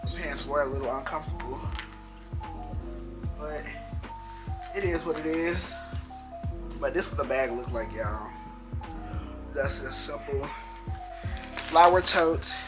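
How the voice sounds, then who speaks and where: A young man rambles through a casual vlog, slangy and chatty, now and then leaping up in pitch. The sound is roomy and echoey. Loud music runs under his talk. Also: measured pace, pauses often. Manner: chatty, loose and slangy, with abrupt jumps up in pitch. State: out of breath. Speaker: vlogger.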